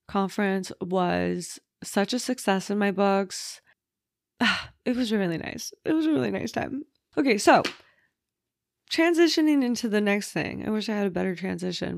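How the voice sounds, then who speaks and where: A woman's voice: medium pitch, lively intonation, moderate pace, gravelly, dry recording, studio quality. A woman hosting her own podcast, talking casually and candidly, with the odd swear word, from bed at home. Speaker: podcast host. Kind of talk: casual solo podcast chat.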